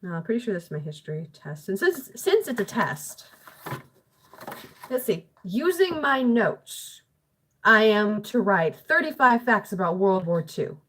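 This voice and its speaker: A woman's voice: medium pitch, big pitch swings, measured pace, fairly bright tone. Rambling, self-mocking teenage girl. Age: late teens. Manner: rambling, self-deprecating, chatty. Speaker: vlogger. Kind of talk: casual monologue while doing homework. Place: at home.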